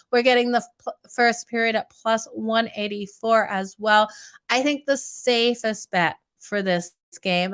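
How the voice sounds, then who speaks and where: A woman hosting a sports betting podcast, her voice raspy and strained today, chatting through picks and calling her viewers "you guys". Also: a little high, a bit bright. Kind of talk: casual betting picks rundown.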